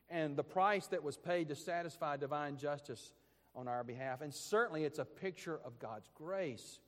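A pastor with a voice on the high side preaches a sermon in a church sanctuary. His delivery is earnest and emphatic, built on repetition, and the hall gives it a long, echoing reverb.

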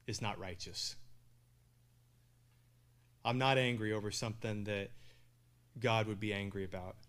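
A man preaching a sermon, asking the congregation questions and answering them, with loud stresses and quiet asides. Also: lowish voice. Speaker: pastor.

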